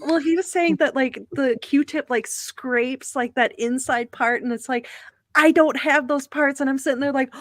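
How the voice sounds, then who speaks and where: A woman with a slightly higher voice chats casually as a podcast guest, filling her sentences with "like". The recording is dry and close. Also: moderate pace, dry recording. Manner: chatty, many fillers of "like". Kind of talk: casual chat.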